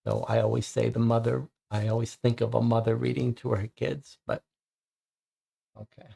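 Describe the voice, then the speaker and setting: A man's voice: medium pitch, level tone, normal speed, creaky, dark tone, slightly rough. A man casually commenting as he plays a mystery game, thinking aloud and reading its text to viewers. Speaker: game streamer.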